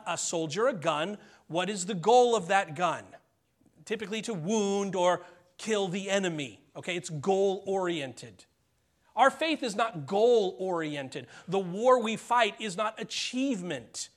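A middle-aged man delivers a sermon in a high voice. His preaching is conversational, and he keeps checking in with the congregation. He slows down and drops to near-whispers for key phrases. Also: expressive. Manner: conversational preaching, frequent "okay?" check-ins, dramatic pauses and soft drops. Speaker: pastor.

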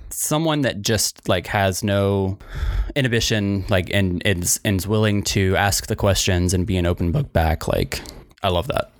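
A man with a low voice, recorded dry and close, chats as a podcast guest. He talks openly and rambles, leaning on lots of fillers as he goes. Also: moderate pace, no room sound. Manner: open, rambling, frequent "like" fillers. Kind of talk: casual chat.

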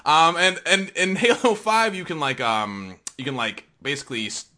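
A man's voice: a little high, moderate pace, bright, forceful tone. A man co-hosting a podcast, talking casually and at length about video games, swearing freely, restarting sentences and laughing often. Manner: rambling, profane, laughs often, many restarts. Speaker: podcast co-host. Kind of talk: casual gaming chat.

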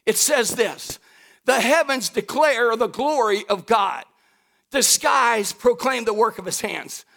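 A middle-aged pastor preaching a sermon in a folksy, animated way, talking straight to his congregation and rising to shouts at his high points. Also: slow, vocal fry. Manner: folksy, addresses the congregation directly.

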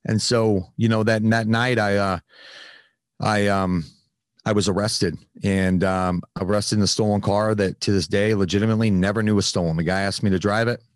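A man's voice: fairly low pitch, steady tone, moderate pace, no echo, studio quality. A man telling a candid personal story in casual conversation, with frequent fillers and some swearing. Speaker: podcast host, guest telling his recovery story.

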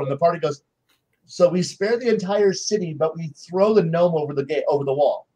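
Husky animated man telling table stories. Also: a little high, poor audio. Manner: animated, acts out players' lines in quick voices. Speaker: game master on a panel show. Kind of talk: casual storytelling chat.

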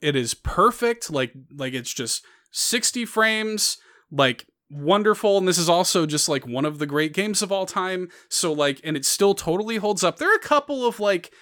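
Guy, kinda high voice, animated storyteller on a game podcast, laughs a lot. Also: normal speed. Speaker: podcast co-host. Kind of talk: casual chat.

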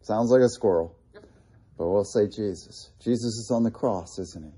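Mellow-voiced man preaching a sermon. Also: on the low side, normal speed, husky. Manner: earnest preaching with asides and restarts. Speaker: pastor.

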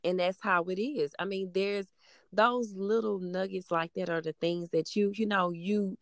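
With a mid-range voice and fairly even intonation, a woman in her thirties talks at a normal speed. As mother of a middle-school daughter, she converses casually and meanders with frequent fillers. The audio is clean studio sound with no echo.

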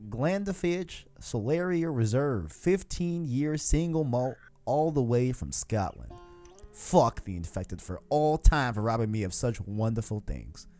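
A man voicing a gruff, grumpy old male stable keeper, trying for a deep, raspy old-man sound. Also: lively intonation, unhurried, soft background music, close to an everyday voice.

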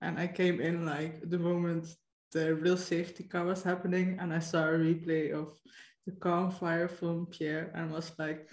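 A woman's voice: on the low side, level tone, moderate pace, darkish tone, echoey room, poor audio. A woman co-hosting a podcast in easygoing casual chat with wry remarks. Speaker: podcast co-host.

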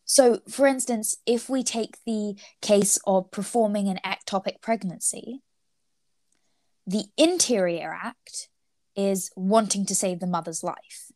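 A woman's voice: medium pitch, unhurried, darkish tone, dry recording. A young woman co-hosting a casual discussion of ethics, thinking aloud with frequent hesitations and fillers.

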